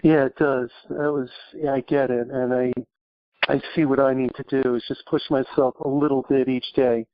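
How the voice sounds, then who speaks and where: A man's voice: medium pitch, flat delivery, moderate pace, no echo, highs cut off. A man calling in to a podcast, earnest and a little hesitant as he asks his questions. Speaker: caller. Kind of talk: caller asking questions on a podcast.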